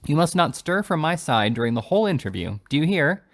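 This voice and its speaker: A man's voice: a little high, big pitch swings, fairly quick, voice pushed up. A man voicing a fussy, flustered elderly aunt in a genteel, trembling manner while reading a novel aloud.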